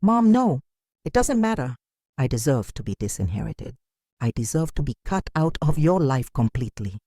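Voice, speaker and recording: A woman's voice: rumbling low, big pitch swings, moderate pace, dark tone, breathy edge, no room sound, full character voice. A woman narrator voicing a tearful young woman full of remorse, pleading in a broken voice. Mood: desperate.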